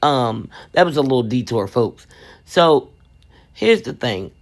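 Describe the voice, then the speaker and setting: A woman resin craft vlogger telling a funny family story and giving supply tips in a lively, chatty way, calling viewers "baby". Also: very deep voice, a little slow.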